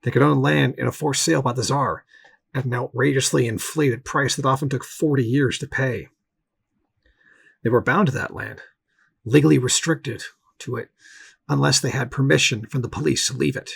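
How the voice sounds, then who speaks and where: A man giving a steady, measured read-aloud history commentary as a political commentator, with occasional restarts. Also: medium pitch, vocal fry, breathy edge.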